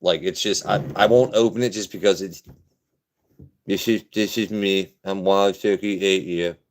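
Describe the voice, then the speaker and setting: Man, very deep voice, casual livestream host, blunt and relaxed. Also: moderate pace, a little hiss or hum. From Southern Maryland. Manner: drops his voice deep and blunt on purpose.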